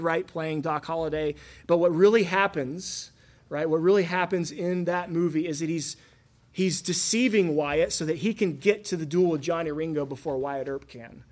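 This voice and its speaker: Preaching with earnest storytelling, this man in his thirties poses rhetorical questions to the congregation. His pitch sits on the high side, and his volume swings from loud to hushed.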